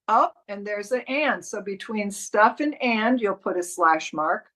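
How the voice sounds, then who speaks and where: A woman's voice: mid-range voice, measured pace, a bit bright, rough recording. A woman coach teaching a live online class, walking students step by step through marking up a commercial script, with frequent restarts.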